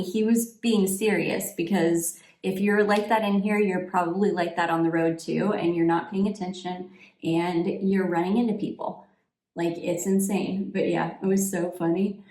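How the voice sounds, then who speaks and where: A woman's voice: mid-range voice, fairly even intonation, a little slow, darkish tone, reverberant. A woman in her forties telling a story in a casual, rambling way while she gets ready, with lots of fillers and restarts. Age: 40s. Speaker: vlogger.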